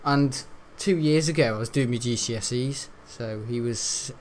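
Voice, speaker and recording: Over a little hiss or hum, a teenage guy with a mid-range voice and moderate pace narrates his gameplay for a video. The let's-play commentary rambles and chats along, broken by frequent laughter.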